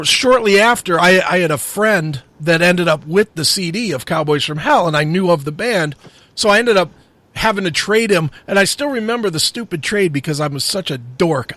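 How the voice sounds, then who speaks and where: In a casual podcast chat, a middle-aged metal radio host tells animated stories peppered with swearing. His voice is fairly high, and the recording has no echo.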